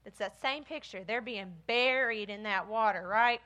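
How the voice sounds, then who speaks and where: A woman giving a lively children's sermon, talking straight to the kids. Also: medium pitch, moderate pace. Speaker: children's minister.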